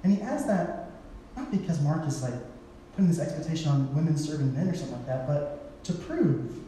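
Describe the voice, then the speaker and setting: Guy preaching a sermon, tells it like a story, does little voices for people, bit high voice, faint room noise. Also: lively intonation, brisk, warm tone. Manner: casual storytelling with playful voices for quoted people. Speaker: pastor. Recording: echoey hall, from far off.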